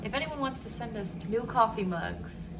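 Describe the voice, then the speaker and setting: A woman's voice: on the high side, expressive, moderate pace, a bit bright. Laughing, cursing woman podcaster, noisy. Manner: laughs often, swears casually. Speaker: podcast co-host. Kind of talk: casual chat. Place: home kitchen.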